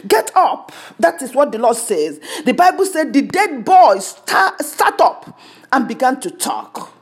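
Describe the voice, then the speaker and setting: A woman's voice: high-pitched, sing-song, measured pace. A woman preaching a sermon, fervent, with lots of repetition.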